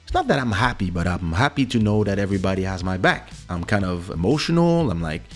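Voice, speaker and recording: Male podcast host with a lowish voice, lively storyteller who acts out quotes, soft music underneath. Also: fast talker. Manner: animated, acts out quoted speech with big pitch jumps. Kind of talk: casual storytelling. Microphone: studio microphone.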